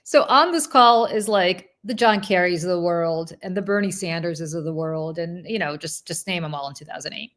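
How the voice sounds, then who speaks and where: A woman hosting a political talk show, telling a story in an animated, casual way with asides and restarts. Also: fairly low pitch, normal speed, hardly any pauses. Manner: slips into mocking quoted voices of politicians. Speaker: political commentator and show host.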